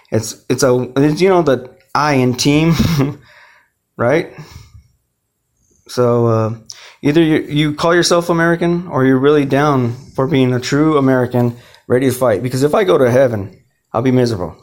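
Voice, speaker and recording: A man's voice: mid-range voice, darkish tone. A man giving a rambling, emotional personal monologue, swearing often and restarting his sentences. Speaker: speaker telling his own story.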